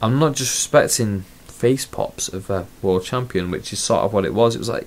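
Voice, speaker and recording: A man's voice: mid-range voice, animated, normal speed, few pauses. A man giving a casual, ranting wrestling review in a video blog, swearing freely. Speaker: wrestling vlogger.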